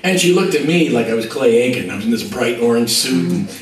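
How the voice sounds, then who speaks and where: A man, a musician, telling a lively anecdote and acting out other people's voices. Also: medium pitch, fairly quick, roomy sound, distant mic, soft background music, rough recording. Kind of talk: anecdotal storytelling.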